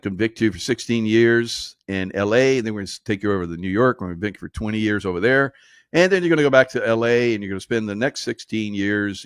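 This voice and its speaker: A man's voice: medium pitch, no echo, clean studio sound. A man hosting a casual political commentary show, sarcastic and laughing through mocking asides.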